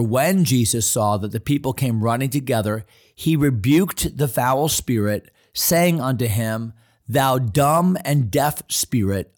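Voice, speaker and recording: A man pastor giving an earnest devotional sermon, slowing down to stress the scripture he quotes. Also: mid-range voice.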